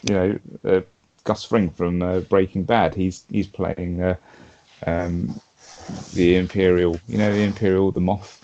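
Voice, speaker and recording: A man's voice: low-pitched, vocal fry, mellow, lo-fi sound, a little hiss or hum. A man co-hosting a fan podcast, recapping episodes in a rambling, casual way full of fillers. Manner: rambling, filler-heavy storytelling. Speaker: podcast co-host.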